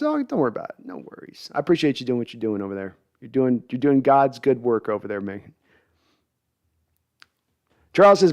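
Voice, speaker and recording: A man's voice: medium pitch, sing-song, fairly quick, pauses often, darkish tone. A man hosting a sports podcast livestream, chatty and self-deprecating as he reads viewer comments. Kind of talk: casual livestream chat, reading comments.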